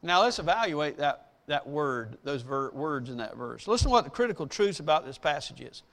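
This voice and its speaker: A man giving devotional Bible teaching, asking the listeners questions, answering them himself, and slowing down to read verses with emphasis. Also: a little high, sing-song, fairly bright tone. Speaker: preacher.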